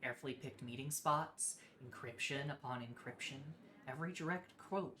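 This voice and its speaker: A betrayed investigative journalist throws sharp, scornful accusations in a low, deep voice, read out by a woman playing a story game. There is a faint hiss of noise behind. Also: moderate pace. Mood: accusing.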